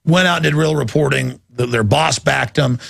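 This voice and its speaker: A man's voice: mid-range voice, moderate pace, creaky, fairly bright tone, no room sound, clean studio sound. A man hosting a talk show, giving emphatic, rambling, impassioned commentary. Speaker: show host.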